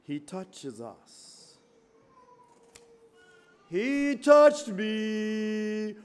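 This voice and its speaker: A man preaching a fervent sermon, reading scripture and swinging from quiet murmurs to shouted praise. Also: high-pitched, slow pace, pauses often, dull audio. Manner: reads scripture in King James wording.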